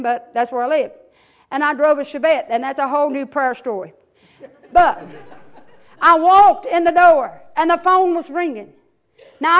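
A woman preaching a Pentecostal sermon in church, swinging from hollering to a hushed near-whisper. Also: high-pitched. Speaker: pastor. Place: church sanctuary.

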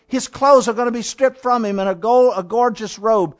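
Male preacher, high voice, dramatic sermon delivery, repetitive building cadence, speaks to the congregation as "my friend". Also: moderate pace. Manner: dramatic, addresses listeners as "my friend"; builds with repeated phrases.

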